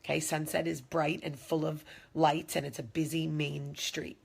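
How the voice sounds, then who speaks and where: Gravelly low-voiced woman telling a story. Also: level tone, normal speed. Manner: dramatic retelling with acted-out quotes, direct address to viewers. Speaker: vlogger telling a personal story. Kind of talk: animated storytelling to camera.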